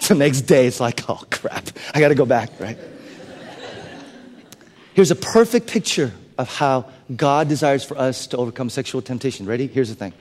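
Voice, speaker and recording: A man preaching a sermon, swinging between loud emphatic bursts and hushed, whispered asides. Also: medium pitch, big-room sound. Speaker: pastor.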